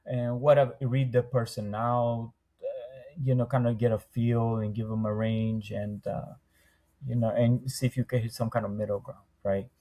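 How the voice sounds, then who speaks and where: This young adult man, a window treatment business owner, is a guest on a podcast. His medium-pitched voice is level and dark at a moderate pace, and in casual interview talk he laughs a lot and performs the voices of people in his stories.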